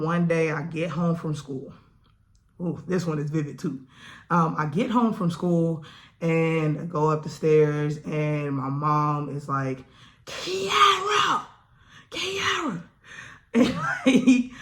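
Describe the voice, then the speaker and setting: A young woman chats straight to her camera in a casual vlog. She tells her story in loose, slangy talk. Her pitch and volume rise and fall a lot as she gets into it. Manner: animated, slangy storytelling with big swings in pitch and loudness. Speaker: vlogger.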